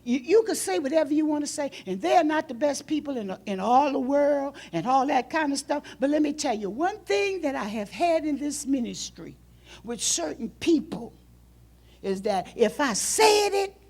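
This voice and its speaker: A woman pastor preaching a sermon in a church, swinging between loud emotional outbursts and hushed, low passages. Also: very animated, normal speed.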